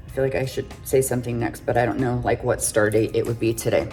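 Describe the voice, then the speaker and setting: A woman's voice: extremely low pitch, steady tone, fast talker, hardly any pauses, mellow, faint music behind. A middle-aged woman chatting through a casual makeup tutorial, full of self-joking, giggly asides. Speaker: makeup vlogger.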